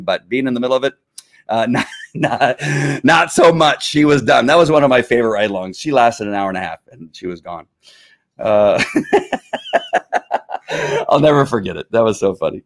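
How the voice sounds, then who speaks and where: A middle-aged man, a former police officer, telling stories in a casual monologue, rambling with many fillers and frequent chuckles. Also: medium pitch.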